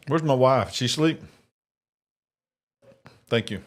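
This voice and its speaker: A man's voice: medium pitch, slow, pauses often. Man, easygoing live-stream host who chats and snacks on air. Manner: chatty, eating and reading viewer comments on air. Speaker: livestream host. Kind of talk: casual live election-night chat.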